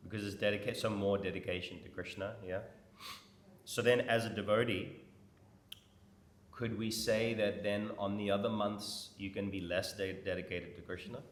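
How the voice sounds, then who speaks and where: A man's voice: on the low side, fairly even intonation, normal speed. A man giving an informal class in a temple hall, quizzing and teasing his audience. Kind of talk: conversational scripture class. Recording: echoey hall with faint noise.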